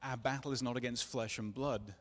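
A man's voice: medium pitch, fairly even intonation, brisk, a bit bright. A man telling his personal testimony in a sermon, earnest and confessional, acting out the dialogue as he tells it. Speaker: preacher. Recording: long reverb of a large hall.

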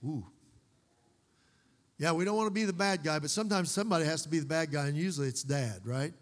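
A man preaching a sermon as pastor, folksy, with joking asides and slow, emphatic repetition of key words. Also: fairly high pitch. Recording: long hall reverb.

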